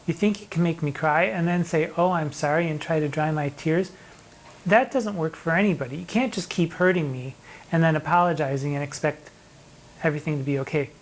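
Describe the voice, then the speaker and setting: A middle-aged drag performer giving a theatrical, mock-indignant commentary on sonnets, reading the verse slowly between asides. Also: mid-range voice, low-quality recording. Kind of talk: animated poetry commentary.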